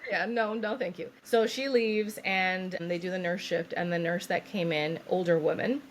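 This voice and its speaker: A woman's voice: lowish voice, fairly even intonation, moderate pace. A woman in her thirties, a podcast co-host, telling a long personal story in casual chat, acting out what others said and laughing often.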